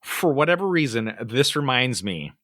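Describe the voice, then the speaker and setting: A young man co-hosts a casual podcast, telling stories with lots of swing in his pitch. His tone is bright, and he sounds dry and close to the mic. He slips into other voices as he tells a story. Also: moderate pace, no echo. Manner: animated, acts out quoted voices when telling stories. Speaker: podcast co-host.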